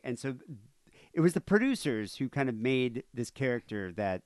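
A male podcast co-host in a loose, wandering chat. He stops and restarts often and fills the gaps with "uh" and "you know". His voice sits at a middling pitch and is recorded very dry and close. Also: animated, moderate pace, a little mellow, dry recording. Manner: rambling, heavy with "uh" and "you know". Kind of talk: casual storytelling chat.

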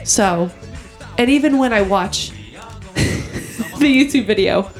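A woman's voice: mid-range voice, animated, takes it slowly, soft background music. A woman chatting casually as a podcast host, giggly and rambling with many fillers. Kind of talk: casual chat.

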